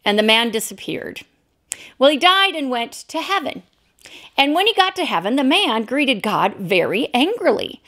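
A woman's voice: sits high, very animated, normal speed, a bit bright. A woman pastor preaching a sermon, telling a story in a loose, unscripted way. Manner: storytelling, unscripted with fillers and restarts.

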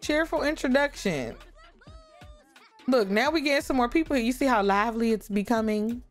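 A woman giving lively, chatty commentary on a life-sim game, talking to her viewers. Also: a little high, normal speed, soft background music. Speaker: gaming YouTuber. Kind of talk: casual gameplay commentary.

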